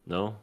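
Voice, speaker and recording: A man co-hosting a casual podcast chat, animated, often jumping into high mock voices for laughs. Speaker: podcast co-host.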